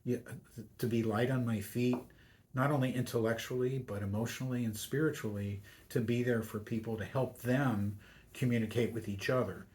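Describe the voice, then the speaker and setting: An older man at a middle pitch talks as a guest on a radio show. He speaks in a reflective, story-telling way and slips into the voices of the people in his anecdotes. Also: steady tone, normal speed, darkish tone. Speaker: university chaplain, Jesuit priest.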